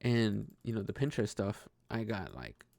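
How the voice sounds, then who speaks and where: A man's voice: lowish voice, big pitch swings, moderate pace, creaky, a little mellow, no echo, clean studio sound. A man talking through a casual personal monologue, hesitant and rambling, with frequent restarts and swearing. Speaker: vlogger.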